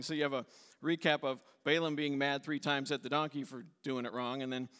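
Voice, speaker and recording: A pastor giving a conversational sermon, retelling a story and acting out its voices with a light laugh. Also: male voice, mid-range voice, level tone, fairly quick, a bit bright, smooth, long reverb tail.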